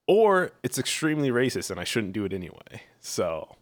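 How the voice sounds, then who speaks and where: A man's voice: mid-range voice, sing-song, moderate pace, no room sound, studio quality. A man from Virginia, guest-hosting a podcast, chatting casually and joking with frequent laughs. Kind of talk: casual chat.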